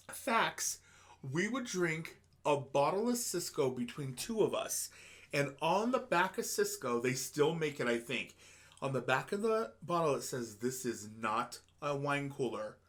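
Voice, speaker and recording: A man's voice: on the high side, a bit bright. A man co-hosting a podcast, telling laid-back stories in casual chat, swearing freely. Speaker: podcast co-host.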